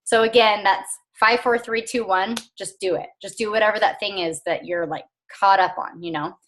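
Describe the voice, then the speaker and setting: A woman's voice: medium pitch, fairly even intonation, normal speed, fairly bright tone, a little hiss or hum. A woman, likely in her thirties, coaching her team on a casual motivational call, chatty and earnest with frequent fillers.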